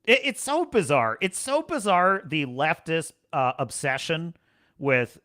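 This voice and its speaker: Guy hosting his stream, rambly and laughy, voice kinda high and bright. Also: a little slow. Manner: animated, rambling, laughs often. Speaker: livestream show host. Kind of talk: casual livestream chat.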